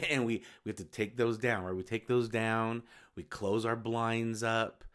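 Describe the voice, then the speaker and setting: A low-voiced man talks through his solo podcast in a loose, unscripted way. He wanders, restarts phrases and fixes his own words as he goes. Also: steady tone, measured pace, fairly bright tone. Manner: rambling, self-correcting, informal. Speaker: podcast host. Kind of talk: casual solo podcast talk.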